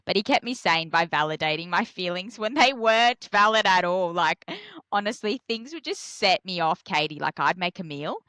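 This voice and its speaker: A young Australian woman shares stories in a bright, forceful voice. She jumps into high, excited voices to act out her own lines. The sound is dry and close. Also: moderate pace, smooth, no room sound. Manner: animated storyteller, acts out her own quotes in a high voice. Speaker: interview guest. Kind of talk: candid casual chat.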